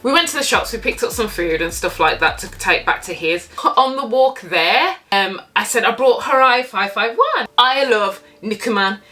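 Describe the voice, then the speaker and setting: A young woman vlogger telling a dating story in a candid, animated way, swearing freely. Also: mid-range voice, normal speed, few pauses. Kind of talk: casual storytime.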